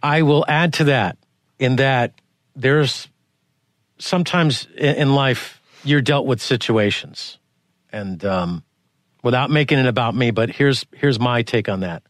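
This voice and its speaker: A man hosting a podcast interview, asking long rambling questions with many restarts and sudden rises in pitch. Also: unhurried, no room sound, clean studio sound. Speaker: podcast host. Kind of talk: conversational interview.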